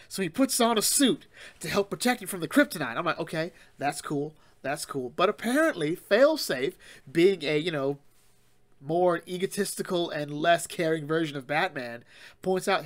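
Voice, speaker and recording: A man hosts a casual comic book talk, his voice sitting a touch high for a man. He rambles through the recap with fillers and laughs, jumping into quick acted-out lines for the characters. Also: animated. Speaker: comic book podcast host.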